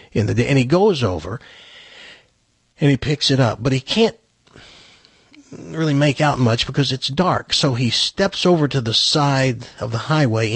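A man telling a long funny anecdote in a casual, animated way, with stumbling restarts. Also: medium pitch, slightly rough, dry recording.

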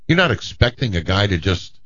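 A man co-hosting a sports radio show, speaking in a halting way and repeating himself. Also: lowish voice, big pitch swings, fairly bright tone, dry recording, muffled recording. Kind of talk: casual sports radio chat.

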